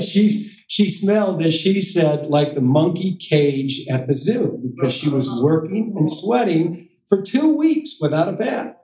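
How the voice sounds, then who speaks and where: In a library meeting room, a middle-aged man gives an author's talk, telling anecdotes with self-deprecating humor and quoted voices. His voice is high and mellow, picked up by a distant mic in an echoey room.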